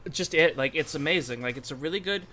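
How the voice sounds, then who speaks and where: A man's voice: fairly high pitch, quick pace, sharp tone. A young man co-hosting a casual podcast, talking in rambling, self-interrupting bursts. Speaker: podcast co-host. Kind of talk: casual anime podcast chat.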